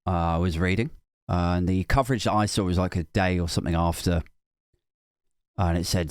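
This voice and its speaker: A man's voice: sits low, no room sound, studio quality. A male comedian hosting a podcast, delivering a sardonic, rambling comic monologue full of swearing.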